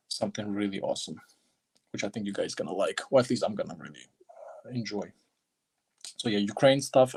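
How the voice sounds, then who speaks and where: Guy chatting on a stream about a book, gravelly and a bit raspy, rambles a lot. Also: lowish voice, darkish tone. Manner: rambling, chatting with viewers, many fillers. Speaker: streamer flipping through a book. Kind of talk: casual livestream chat.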